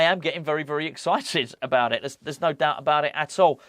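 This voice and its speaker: A man's voice: a little high, brisk, fairly bright tone, no echo. A man hosting a football fan channel, giving casual, enthusiastic commentary full of restarts. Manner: chatty, enthusiastic, many restarts.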